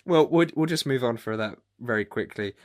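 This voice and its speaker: Lively, laughing male podcast host. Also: mid-range voice, a little fast. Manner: laughs easily, chatty and rambling. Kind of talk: casual chat.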